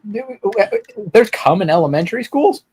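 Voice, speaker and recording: A man's voice: sits high, very animated, a little fast, a little mellow, husky. A man on a stream call, joking crudely and laughing in casual chat.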